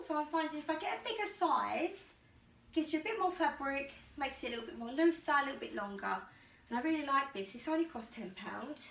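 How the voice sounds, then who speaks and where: A woman's voice: sits high, fairly bright tone. A woman with an English accent rambling casually through a clothing try-on vlog at home, self-deprecating and a little out of breath. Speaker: YouTuber doing a clothing try-on haul. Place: home, indoors.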